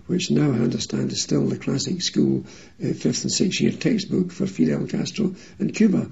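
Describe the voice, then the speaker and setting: A man, telling a lively anecdote full of quoted dialogue. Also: mid-range voice, moderate pace, vocal fry, husky, highs cut off. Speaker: interviewee recalling a friend. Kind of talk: reminiscing interview.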